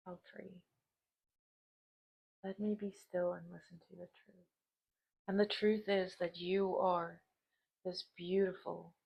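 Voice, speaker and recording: A woman giving a spiritual tarot card reading, softly reading out messages and affirmations, moved and emotional at times. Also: mid-range voice, vocal fry, husky, dull audio. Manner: soft, emotional, reads aloud from cards with laughs. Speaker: tarot reader.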